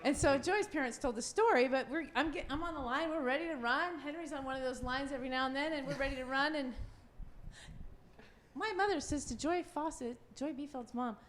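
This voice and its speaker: A woman in her fifties, a former goalkeeper, telling a lively story on a live panel, laughing often and acting out quotes. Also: high voice, brisk, a little hiss or hum. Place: event venue.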